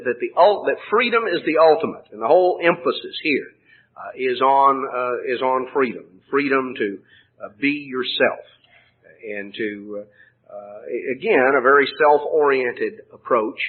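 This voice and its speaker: A man's voice: moderate pace, phone-quality sound. A man preaching a sermon, reasoning earnestly with frequent hesitations and restarts, lifting his voice when he quotes scripture. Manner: rises in pitch and volume when quoting scripture.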